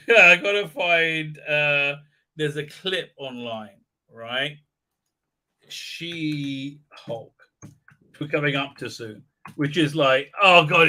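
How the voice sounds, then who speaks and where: A male livestream host rants with open sarcasm and scorn, tripping over restarts as he goes. His voice sits a bit high and sounds very bright and cutting. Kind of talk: ranting pop-culture commentary.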